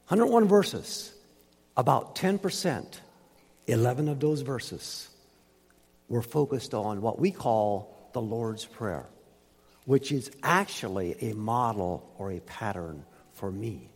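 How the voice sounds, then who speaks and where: Pastor, male, husky and emphatic, lively pitch swings, echoing church hall. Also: unhurried. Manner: emphatic preaching, swinging from loud highs to soft lows. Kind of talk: sermon. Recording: reverberant hall.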